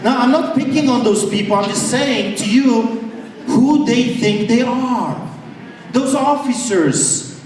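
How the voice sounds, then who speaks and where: A man's voice: high voice, slight background noise. A man preaching an impassioned sermon as a pastor, fiery and defiant with mocking asides. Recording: echoey hall, far from the mic, faint ambience.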